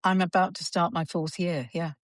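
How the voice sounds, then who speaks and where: A woman's voice: on the low side, fairly even intonation, moderate pace, no echo, studio quality. A woman in her sixties, an actress chatting as a guest in a theatrical way, calling people darling and dear. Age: 60s. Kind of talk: casual chat.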